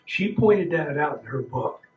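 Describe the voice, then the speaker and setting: A man's voice: on the high side, lively intonation, a little slow, muffled recording. A man speaking at a roundtable, earnest and plain-spoken with folksy grammar. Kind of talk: opinion talk. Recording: echoey room.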